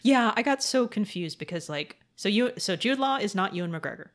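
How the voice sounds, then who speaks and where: A woman's voice: medium pitch, expressive, fairly quick. A woman co-hosting a podcast in casual movie chat, rambling and acting out her own reactions. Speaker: podcast co-host.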